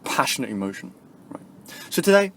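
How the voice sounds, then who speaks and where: A man venting in a vlog, rambling and swearing, full of fillers, swinging from quiet musing to loud angry bursts. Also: mid-range voice, big pitch swings, brisk, vocal fry, slight background noise. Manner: rambling, profane, with constant "you know" and "right?" fillers. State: angry and frustrated. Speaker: vlogger. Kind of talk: emotional vlog rant.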